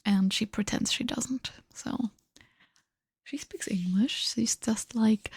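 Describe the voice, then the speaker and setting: A tired woman chatting in a breathy whisper during an ASMR livestream, switching between two languages. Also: on the high side, slow, no room sound, clean studio sound. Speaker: ASMR streamer.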